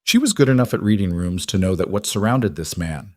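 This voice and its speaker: Male audiobook narrator, low and steady, dry studio sound. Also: brisk, no echo.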